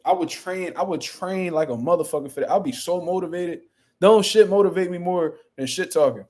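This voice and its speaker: A man's voice: sits high, a little fast, a little mellow. A young man hosting a boxing channel, chatting casually on a livestream in a boastful, profane, rambling way.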